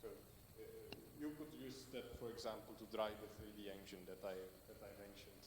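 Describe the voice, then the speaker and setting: A man's voice: lowish voice, normal speed. A man presenting at a tech meetup and answering audience questions in a loose, conversational way, while losing his voice. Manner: loose and conversational, many fillers, builds lists. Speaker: conference speaker. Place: meetup hall. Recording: hall reverb with faint noise.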